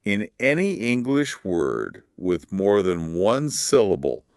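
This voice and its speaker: A man hosting a podcast, explaining English pronunciation in a calm, measured scripted teaching dialogue. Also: on the low side, no echo, clean studio sound.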